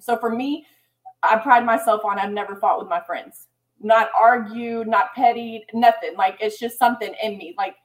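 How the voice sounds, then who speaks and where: A woman's voice: medium pitch, rough recording. Earnest woman in a casual chat.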